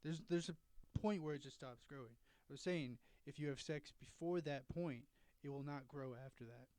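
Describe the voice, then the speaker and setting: A man's voice: a little high, moderate pace, a little mellow, clean tone. A young man co-hosting a podcast in casual chat, blunt and teasing, laughing often. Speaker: podcast co-host.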